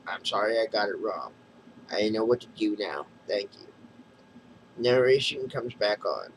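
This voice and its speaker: A man's voice: on the low side, fairly bright tone, a little hiss or hum, poor audio. A man reviewing a comic book, reading its narration and dialogue aloud in a plain retelling with small restarts. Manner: recounting panels in plain retelling, with mumbled restarts.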